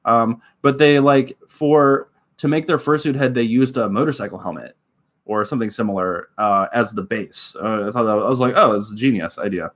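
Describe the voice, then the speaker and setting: A man's voice: medium pitch, normal speed, fairly bright tone. A man from Oklahoma chatting casually with live viewers on his stream, rambling, giggling often and leaning on filler words. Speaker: livestreamer.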